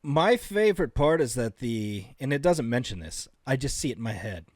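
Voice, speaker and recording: A man's voice: medium pitch, big pitch swings, normal speed, a little mellow, no room sound, studio quality. A man co-hosting a podcast, riffing with crude, rambling jokes. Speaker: podcast co-host. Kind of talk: casual comedic banter.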